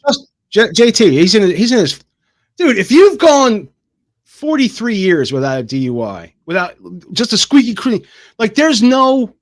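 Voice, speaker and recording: A man's voice: high voice, sing-song, measured pace, no echo. A man co-hosting a podcast, blunt and profane, pushing provocative takes. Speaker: podcast co-host. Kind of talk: casual chat.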